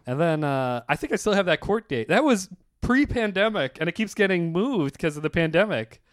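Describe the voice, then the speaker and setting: Young man, podcast chat, laughs a lot, slightly high voice, smooth clear tone, dry close mic. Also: normal speed, no echo. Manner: animated storyteller, laughs a lot, acts out quoted voices.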